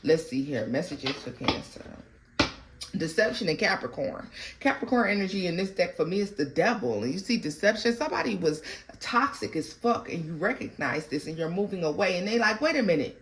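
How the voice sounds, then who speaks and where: A woman giving a tarot card reading in a blunt, profane way, swinging between loud outbursts and quiet murmurs. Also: lowish voice, animated, brisk, low-quality recording. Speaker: tarot reader.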